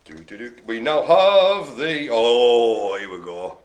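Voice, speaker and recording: Calling a jokey live bingo game in a care home activity room, the man speaks slowly at a medium pitch with big swings up and down. He's playful, punning and often laughing.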